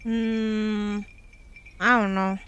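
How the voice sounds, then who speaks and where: A woman's voice: medium pitch, level tone, extremely slow, a bit bright, a little hiss or hum. A young woman streamer chatting casually with her viewers, rambling with lots of fillers and frequent giggles. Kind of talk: casual chat with chat.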